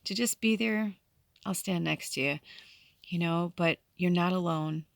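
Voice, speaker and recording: A woman's voice: lowish voice, measured pace, gravelly, dry recording, studio quality. A woman in her late forties talking candidly in a casual vlog, swearing freely and speaking in a heartfelt, encouraging way as a spiritual content creator. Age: 40s. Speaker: spiritual vlogger.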